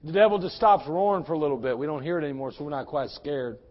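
A middle-aged male pastor preaching in a church with a noticeably high voice. He surges into fervent shouts, then drops to near-hushed confidences. The recording sounds dull and lo-fi. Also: quick pace. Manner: impassioned preaching, swinging from shouts to hushed tones. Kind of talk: sermon.

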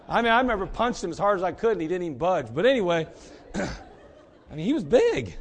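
A man's voice: high voice, lively intonation, fast talker, slight background noise. A middle-aged male pastor preaching a sermon in a folksy way, with joking asides and repeated rhetorical questions.

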